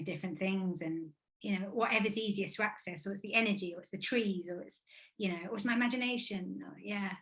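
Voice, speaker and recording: A woman's voice: mid-range voice, a bit bright. A woman in her thirties from England, a guest speaker talking about spirit and grief in an earnest, emotional, rambling way. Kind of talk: casual spiritual talk.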